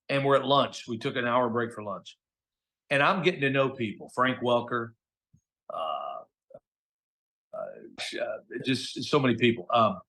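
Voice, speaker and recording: A middle-aged man tells stories as a guest on a casual interview show. He keeps up an animated delivery and acts out the voices of the people he quotes. His voice sits at a medium pitch. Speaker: guest voice actor. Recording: podcast audio.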